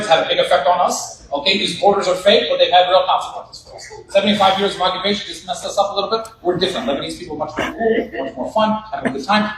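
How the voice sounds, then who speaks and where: A man doing stand-up in a large banquet hall, with a high voice and an animated, punchy way of telling stories. He sounds far from the mic, and the hall echoes heavily around him. Steady background noise fills the room. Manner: animated, punchy storytelling with repeated asides. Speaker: stand-up comedian. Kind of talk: stand-up comedy.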